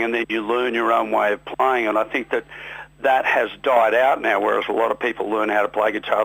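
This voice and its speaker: A man's voice: mid-range voice, slightly rough, dry recording, rough recording. An Australian man in his sixties, a musician guest telling rambling, self-deprecating stories in a radio interview. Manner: rambling, self-deprecating, animated when quoting others. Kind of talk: relaxed storytelling in a radio interview.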